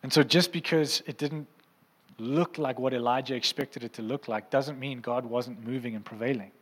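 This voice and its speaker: A man's voice: mid-range voice, steady tone, moderate pace, big-room sound. A male preacher giving a conversational sermon who keeps checking in with the congregation. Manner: conversational, asks the crowd often. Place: church hall.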